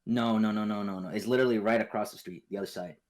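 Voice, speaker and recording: A man's voice: fairly low pitch, steady tone, very fast, darkish tone. A young man casually telling a long story to friends, rambling with restarts, slang, swearing and laughing asides. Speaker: podcast co-host.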